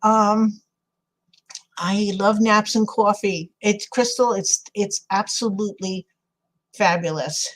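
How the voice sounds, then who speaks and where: A woman's voice: mid-range voice, takes it slowly, rough recording. Chatty New York woman crafting live. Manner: chatty, rambling, laughs often, answers viewers by name. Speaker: craft livestream host. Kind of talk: casual chat while crafting and reading live chat.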